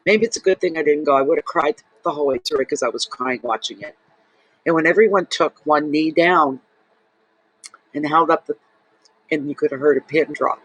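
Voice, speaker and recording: Emotional man, higher voice. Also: fairly quick, a bit bright, no echo, poor audio. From Saint John, New Brunswick, Canada. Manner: emotional, rambling, heartfelt. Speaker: tarot reader, channel host. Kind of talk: casual personal monologue to camera.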